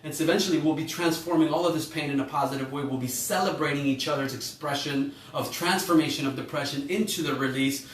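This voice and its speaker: Talking fast with few pauses, a man with a fairly high voice teaches an online emotional intelligence class in a rambling, informal way, correcting himself and asking listeners questions. The echoey room has faint music, he's a bit far from the mic, and there's a little hiss or hum.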